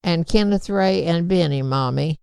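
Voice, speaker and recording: A woman's voice: lowish voice, moderate pace, vocal fry, a little mellow, clean tone, no room sound, studio quality. A woman reading aloud voices a hungry, wailing toddler girl in a storybook. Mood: pleading. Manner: pleading, wailing.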